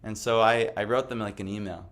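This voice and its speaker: Low-voiced man rambling through a personal story. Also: steady tone, a little fast, fairly bright tone. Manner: rambling, lots of fillers, self-amused. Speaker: devotional speaker. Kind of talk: casual personal testimony talk.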